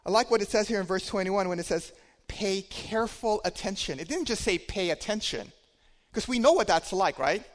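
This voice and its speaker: A man preaching a sermon, telling a personal story in a conversational way, swinging between loud and quiet. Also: sits high, animated, brisk, big-room sound.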